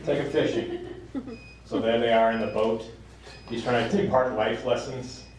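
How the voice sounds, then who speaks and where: A man performing a stand-up comedy set on stage, with a deadpan delivery that jumps into high squeaky voices when he quotes people. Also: moderate pace. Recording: live club recording from a distance, echoing room, crowd laughter. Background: audience laughter.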